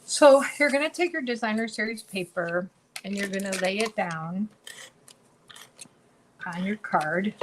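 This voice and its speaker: A woman's voice: mid-range voice, unhurried, pauses often, slight background noise, rough recording. A woman co-hosting a casual craft tutorial, bubbly and chatty, often repeating her words as she works. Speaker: craft demonstrator and co-host.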